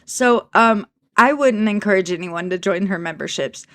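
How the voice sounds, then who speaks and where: A woman's voice: medium pitch, normal speed, dry recording. A woman commentator giving sarcastic remarks over clips, dry and mocking with wry asides.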